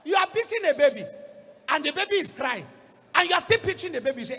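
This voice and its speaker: A man with a Nigerian accent preaching a sermon, swinging from low asides into sing-song shouts. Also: big pitch swings, quick pace, in a large hall, soft background music. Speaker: pastor.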